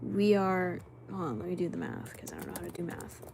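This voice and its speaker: A young woman in her twenties, with a lowish, gravelly voice and a fairly quick pace, hosts a casual livestream over background noise. She chats animatedly and reads viewer comments, dropping to a whisper whenever something spooks her.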